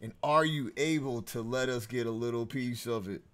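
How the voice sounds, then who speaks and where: A man's voice: medium pitch, moderate pace, background noise. A man hosting a casual online podcast, laughing often and swearing freely. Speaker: podcast host. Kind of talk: casual group chat. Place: online group call.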